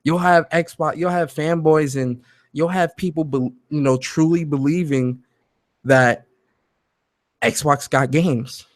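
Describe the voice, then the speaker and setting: A man hosting a live gaming talk show from home, animated and profane, laughing loudly and reading chat messages aloud. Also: a little high, takes it slowly, no echo. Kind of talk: live-streamed commentary chat.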